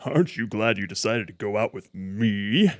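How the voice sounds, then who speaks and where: A man's voice: on the low side, lively intonation, normal speed, dry recording, studio quality, lightly acted. A man voicing a smug young man showing off on a date, boastful and overly upbeat. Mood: cocky.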